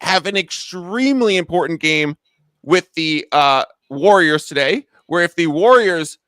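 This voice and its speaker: Male sports show host, bright, slightly high voice, dry close mic, energetic rundown. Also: measured pace, clear, resonant tone, no echo. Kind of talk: sports betting talk show.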